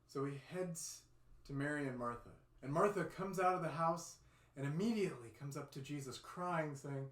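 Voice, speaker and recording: Friendly expressive male storyteller for kids, somewhat high voice, echoey room. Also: normal speed. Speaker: children's storyteller at a church. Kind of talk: storytelling for children. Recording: roomy echo.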